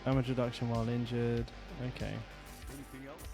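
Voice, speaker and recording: A man from southwest England with a mild West Country accent, chatting casually while live-streaming a game, relaxed and sweary, often trailing off mid-sentence. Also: mid-range voice, brisk, over music. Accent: mild West Country English.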